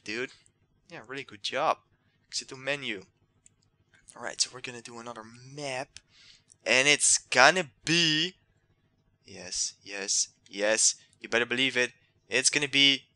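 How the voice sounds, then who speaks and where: Young man, gamer, excitable commentary, lively swooping pitch, bright tense tone, dry close mic. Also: no echo. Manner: excitable, yells and trash-talks the game. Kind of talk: let's play commentary.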